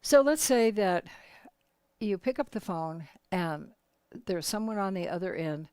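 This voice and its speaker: Woman, workshop teacher, animated storytelling, medium pitch, dry recording. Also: measured pace, clear, resonant tone, dry recording. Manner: earnest, animated retelling.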